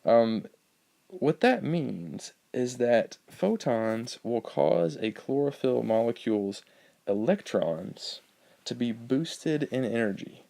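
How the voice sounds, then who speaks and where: A male biology teacher records a lecture over slides, explaining things in a relaxed way. His voice is medium-pitched with vocal fry, and he goes slowly, dropping frequent ums and uhs.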